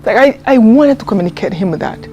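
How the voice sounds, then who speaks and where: A woman, telling a personal story in a documentary interview, earnest and heartfelt, often pausing and restarting. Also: on the high side, expressive, a little mellow, highs cut off, slight background noise. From Rwanda. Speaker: interviewee, genocide survivor.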